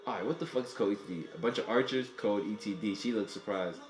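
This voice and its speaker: A man giving casual, profane reaction commentary while he watches an anime, excitable and thinking out loud. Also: fairly low pitch, fast, echoey room.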